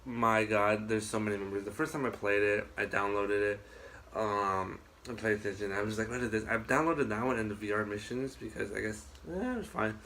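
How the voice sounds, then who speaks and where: A man chatting casually on a podcast, telling rambling, animated stories and swearing often. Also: lowish voice, a little fast, a little hiss or hum. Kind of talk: casual chat.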